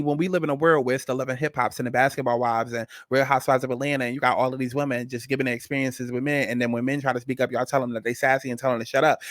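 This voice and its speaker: A man's voice: mid-range voice, no echo, studio quality. A man hosting a celebrity gossip and astrology commentary, talking bluntly and emphatically and repeating his points. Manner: blunt, emphatic, repetitive, cussing. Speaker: commentary host.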